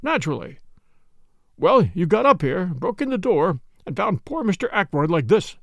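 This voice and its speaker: An actor playing a businesslike village police inspector who questions everyone sharply. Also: male voice, high-pitched, very animated, creaky, dry recording, heavily acted. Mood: brisk, probing. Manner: brisk and clipped, sharp questions.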